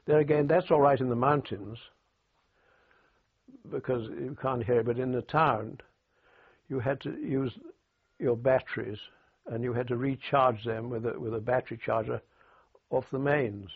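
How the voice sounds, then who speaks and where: Older man with gravelly, husky voice. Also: medium pitch. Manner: anecdotal, halting restarts, dry humour. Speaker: war veteran interviewee. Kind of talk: oral history interview, recollection. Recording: tinny phone-like archive recording.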